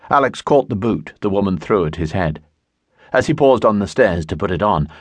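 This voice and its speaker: A man narrating a historical romance audiobook in a measured storytelling voice, recorded in a studio. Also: low voice, husky, dry recording. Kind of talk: scripted narration. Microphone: studio mic.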